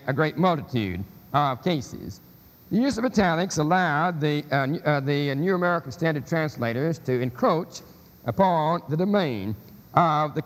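A man giving a scholarly lecture, speaking haltingly with many fillers and restarts. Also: on the high side. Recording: long hall reverb.

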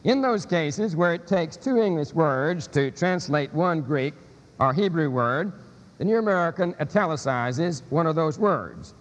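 A man delivers a scholarly lecture at an unhurried, halting pace, with frequent fillers and restarts. His voice sits somewhat higher than usual for a man. The recording carries a long, lingering hall reverb. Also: expressive.

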